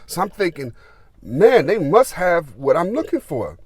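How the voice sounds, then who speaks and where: A man's voice: a little high, very animated, a little slow, husky, dry recording. A man, telling a rambling, filler-heavy story as a gardening vlogger. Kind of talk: casual storytelling.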